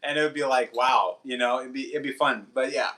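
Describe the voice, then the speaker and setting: Bright-voiced man chatting on a livestream. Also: mid-range voice, fairly even intonation, fairly quick. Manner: chatty, laughs often, switches between English and Portuguese. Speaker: livestream host. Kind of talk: casual chat with live chat.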